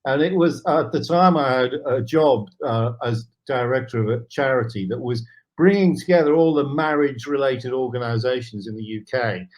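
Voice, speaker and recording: A man, a guest in an interview, telling an anecdote with animated asides. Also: medium pitch, moderate pace. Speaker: guest, charity founder. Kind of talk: storytelling in an interview.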